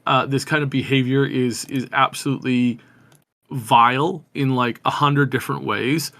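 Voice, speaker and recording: A man's voice: mid-range voice, steady tone, moderate pace, fairly bright tone. A man co-hosting a gaming news podcast, talking casually with many restarts and growing indignation. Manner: rambling, frequent restarts, indignant. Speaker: podcast co-host.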